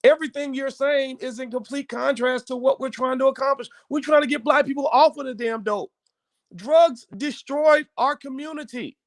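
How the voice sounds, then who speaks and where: A man's voice: very high-pitched, fairly even intonation, normal speed, no echo. A man hosting his own online show, giving opinionated commentary to viewers in an emphatic, preachy way, often repeating words and restarting.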